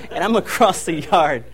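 A young man preaching a sermon, telling a family story in an animated way and laughing as he goes. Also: high-pitched, breathy edge. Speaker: pastor.

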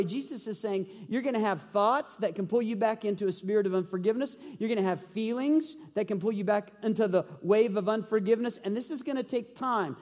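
A man preaching to his congregation in a fairly high voice, shifting from quick stretches to slow, weighty lines as he reads scripture and asks questions. His voice rings out through a hall with a long echo. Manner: animated preaching, reading scripture aloud, asking the congregation questions. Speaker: pastor. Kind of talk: sermon.

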